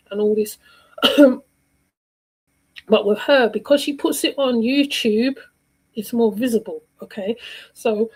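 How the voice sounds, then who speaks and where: A woman with a slightly high voice talks through a casual livestream commentary. She rambles, circles back and repeats phrases while she hunts for the right word. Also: husky, low-quality recording. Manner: rambling, repeats herself, searches for words.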